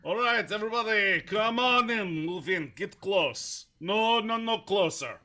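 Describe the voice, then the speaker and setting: Give me a man playing a bossy gym coach, bright and slow-spoken. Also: sits high, animated, heavily acted. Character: bossy male gym coach addressing a class.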